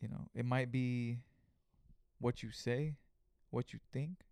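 Profane, animated man telling stories. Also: mid-range voice, takes it slowly, creaky, clean tone, no room sound, studio quality. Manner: profane, animated retelling with acted-out quotes. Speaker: podcast host. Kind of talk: casual storytelling monologue.

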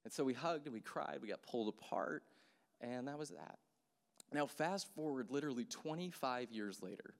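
A man in his thirties preaching through a relaxed personal story, loose and chatty with frequent fillers. His voice sits at an ordinary middle pitch and rings out with a long hall reverb. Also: moderate pace, creaky. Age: 30s. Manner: conversational, animated, many fillers. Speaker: pastor. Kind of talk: sermon storytelling.

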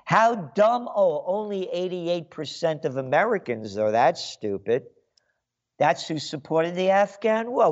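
A man with a somewhat high, wildly swinging voice fires off a slow, sarcastic radio rant full of insults. The sound is dull and lo-fi, like an old broadcast line. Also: very animated. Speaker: radio host. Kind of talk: ranting radio monologue.

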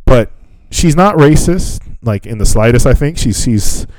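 A man's voice: mid-range voice, expressive, a little slow, darkish tone, no room sound. Casual profane podcast guy. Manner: loose, profane, laughs often. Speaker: podcast co-host. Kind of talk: casual chat.

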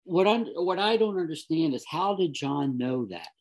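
A man, an interview guest, telling a personal story and acting out the people in it with lively quoted dialogue. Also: fairly high pitch, normal speed.

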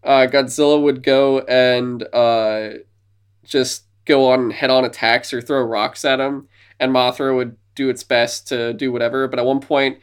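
A man's voice: medium pitch, flat delivery, unhurried, clear, resonant tone. A man co-hosting a casual podcast, eagerly retelling movie scenes and now and then dropping into silly voices. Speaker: podcast co-host.

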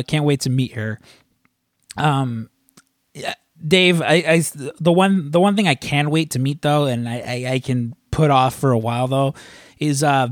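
A man's voice: fairly high pitch, dry recording, clean studio sound. A man hosting a casual podcast chat, rambling with frequent restarts and casual swearing. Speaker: podcast co-host.

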